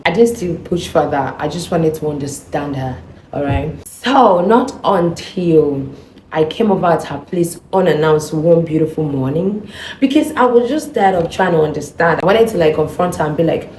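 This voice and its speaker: A woman vlogger telling a personal story in an animated, indignant way, acting out the dialogue. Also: deep voice, moderate pace, slight background noise. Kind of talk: storytime monologue. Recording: echoey room.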